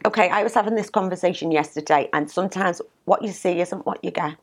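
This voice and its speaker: A woman's voice: fairly low pitch, fast talker. A woman with a Liverpool accent, a business owner talking as an interview guest in a direct, matter-of-fact way. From Liverpool, England. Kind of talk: casual interview chat.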